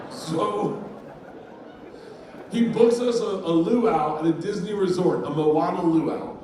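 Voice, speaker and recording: A man's voice: on the high side, expressive, takes it slowly, long pauses. A man in his fifties doing stand-up, telling a profane, rowdy story and laughing through it, recorded live. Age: 50s. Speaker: stand-up comedian. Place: live comedy venue, audience laughter. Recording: echoey distant room recording with noise.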